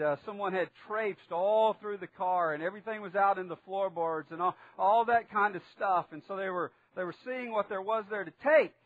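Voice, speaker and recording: A man's voice: sits high, dry recording. Earnest man preaching a sermon. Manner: earnest preaching, drops to a hush in prayer, acts out quoted voices. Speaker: pastor. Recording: dull lo-fi sound.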